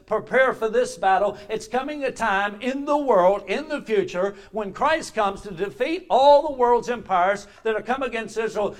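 An older man delivers a sermon, his voice sitting rather high for a man. He has a relaxed, folksy way of telling stories and homespun asides from the pulpit. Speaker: pastor.

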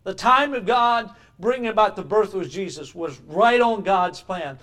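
A man's voice: high voice, normal speed, a bit bright. A man preaching a sermon, reading archaic scripture passages and explaining them with emphatic, rising delivery.

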